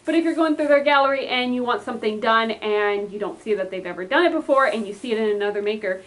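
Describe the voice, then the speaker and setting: Young woman, fursuit maker, casual advice vlog, chatty, pleading, slightly high-pitched. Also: quick pace, hardly any pauses, fairly bright tone, rough recording. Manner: chatty, pleading, acts out quoted messages.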